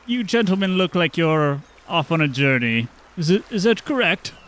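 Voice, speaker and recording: A man's voice: fairly high pitch, big pitch swings, normal speed, a bit bright. A man voicing a tall, imperious half-elf smuggler who talks in a formal, wheedling way. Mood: smooth.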